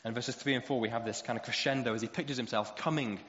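A man preaching a sermon, animated as he acts out quoted voices. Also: medium pitch, fast talker. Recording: roomy hall echo, dull lo-fi sound.

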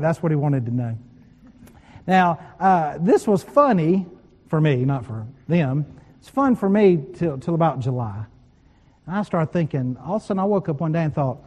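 A man's voice: fairly high pitch, expressive, normal speed, darkish tone, big-room sound, muffled recording. A man preaching a sermon, telling personal stories with quoted voices and laughing at times. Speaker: pastor.

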